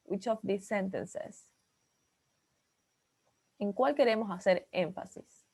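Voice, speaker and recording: A woman's voice: mid-range voice, a little slow, a little mellow, breathy edge. Bilingual woman teaching an English class. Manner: explains in English, then repeats in Spanish.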